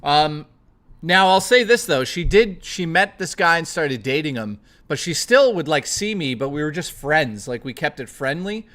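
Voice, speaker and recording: A man's voice: fairly high pitch, animated, normal speed, a bit bright. A man hosting a live stream, chatting casually with viewers, swearing freely and reading the chat aloud. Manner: profane, playful, reads chat aloud.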